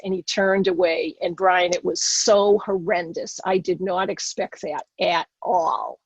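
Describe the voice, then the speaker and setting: A woman's voice: mid-range voice, normal speed, hardly any pauses, slightly rough, no room sound. A middle-aged woman with a Boston accent, telling her personal story earnestly as a podcast guest.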